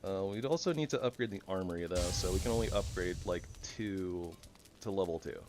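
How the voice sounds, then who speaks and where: A man giving goofy, rambling commentary over his own gameplay, jumping between loud excitement and soft mumbling. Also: low-pitched, brisk, music in the background. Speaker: gaming channel host.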